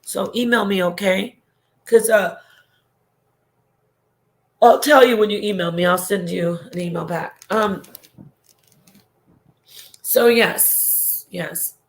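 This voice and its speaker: A woman's voice: mid-range voice, slow, long pauses. A woman hosting a casual livestream and reading viewer comments, talking in a rambling, emotional way with laughs and restarts.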